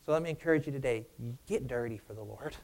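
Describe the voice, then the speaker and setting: A man preaching a sermon and telling a personal story in a conversational, animated way. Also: medium pitch, quick pace.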